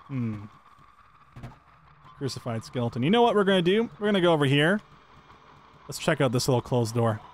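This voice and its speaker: A man's voice: medium pitch, very animated, a little fast, pauses often, a little hiss or hum. A man giving upbeat, chatty let's-play commentary, thinking aloud as he plays. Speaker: gameplay commentator.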